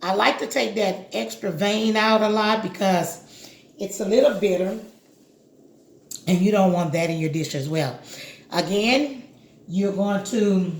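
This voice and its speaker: A woman's voice: mid-range voice, roomy sound. A woman hosting a cooking video, chatting casually and giving step-by-step instructions straight to the viewer.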